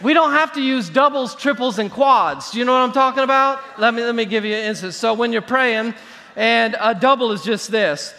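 A man preaching a sermon from a church stage, lively and sometimes mocking showy prayer habits. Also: very high voice, fairly quick. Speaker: pastor. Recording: reverberant hall.

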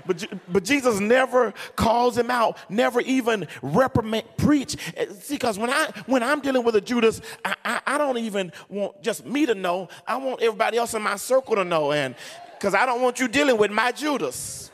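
A high-pitched male preacher delivering a lively sermon with humor and a sing-song lilt. His voice carries a long reverb, as if filling a large hall. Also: normal speed.

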